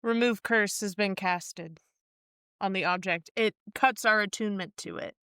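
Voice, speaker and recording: A woman playing a character in a tabletop game, speaking calmly and matter-of-factly. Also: medium pitch, normal speed, smooth, no echo, studio quality. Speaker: player.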